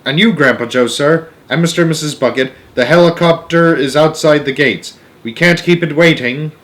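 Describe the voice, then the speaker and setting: A man doing a brisk eccentric chocolate maker. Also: a little high, a bit bright, voice pushed up, lightly acted. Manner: hurried, chivvying, upbeat.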